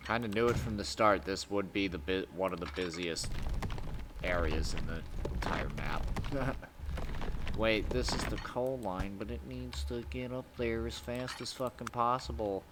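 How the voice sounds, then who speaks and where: A man's voice: fairly low pitch, measured pace, background noise. A man giving casual gameplay commentary as a streamer, rambling and swearing with chuckling asides.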